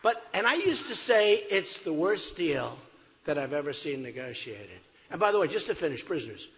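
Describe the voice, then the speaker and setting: A man's voice: fairly high pitch, sing-song, moderate pace, fairly bright tone. An older man giving an off-the-cuff, repetitive campaign rally speech at a podium in a large hall. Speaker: political candidate. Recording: echoey hall.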